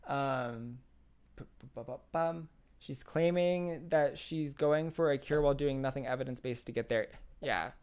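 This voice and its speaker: A smooth, darkish, medium-pitched male voice at a moderate pace belongs to a streamer doing casual live commentary. He reads chat, responds sarcastically, and keeps laughing and repeating lines.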